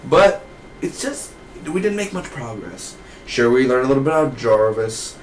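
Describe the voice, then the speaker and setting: A man's voice: medium pitch, animated, normal speed, slight background noise. A man giving a casual spoiler recap of a TV episode, rambling and correcting himself, with a string of rhetorical questions. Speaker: TV episode reviewer.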